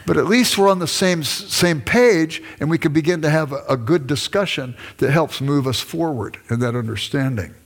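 A man's voice: fairly high pitch, moderate pace, few pauses. An older man giving a conversational lecture to a class, acting out bits of dialogue with his wife as he goes. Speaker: lecturer, former pastor. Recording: long reverb from a hall.

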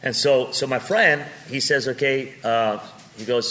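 A man preaching with comic storytelling, animated and joking, swinging from loud to quiet. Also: mid-range voice, a little slow.

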